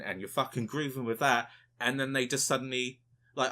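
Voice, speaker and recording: Ranting man, bright voice. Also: medium pitch, moderate pace. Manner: animated ranting, swears a lot, mimics people in quotes. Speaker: podcast co-host. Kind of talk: casual podcast rant.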